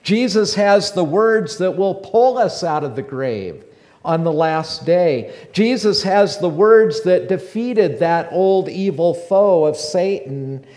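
A man's voice: high-pitched, lively intonation, takes it slowly. Impassioned preacher man in a reverberant hall. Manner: impassioned, rising to loud emphatic repetition. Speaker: pastor. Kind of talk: sermon. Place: church sanctuary.

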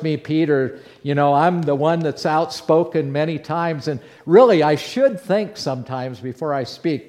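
A man playing the apostle Peter in a first-person dramatic monologue, telling his story in an animated way that swings between hushed and loud. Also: fairly high pitch, lightly acted. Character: the apostle Peter, bold outspoken fisherman. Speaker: preacher in character.

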